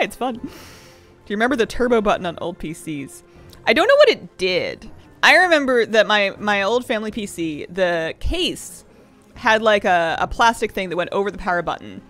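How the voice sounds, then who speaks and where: A woman's voice: mid-range voice, very animated, moderate pace, fairly bright tone, faint music behind. A young woman streamer chatting casually with viewers, telling rambling stories with laughs.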